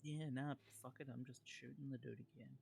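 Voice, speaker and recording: A man's voice: medium pitch, flat delivery, brisk, vocal fry, darkish tone, a little hiss or hum. A man playing in a tabletop game over voice chat, joking and swearing freely. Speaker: player.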